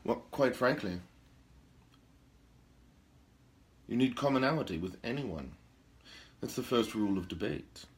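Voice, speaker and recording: A man playing a pompous vampire lord. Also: on the low side. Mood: solemn. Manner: grandiloquent, dramatic emphasis, gossipy asides. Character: pompous aristocratic male vampire lord, theatrical gossip. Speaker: talk show host. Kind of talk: in-character role-play talk show.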